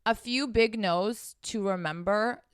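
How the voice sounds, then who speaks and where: A woman's voice: medium pitch, takes it slowly, clean tone, dry recording, clean studio sound. Frank, profane woman giving dating advice. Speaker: dating and sex coach. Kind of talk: casual advice vlog.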